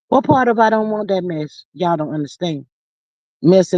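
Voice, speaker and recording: A woman hosting a casual livestream, reading viewer comments aloud and telling stories with big pitch swings, drawn-out exclamations and frequent laughter. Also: lively intonation, mellow, no echo. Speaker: livestream host. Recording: dull lo-fi, dry sound.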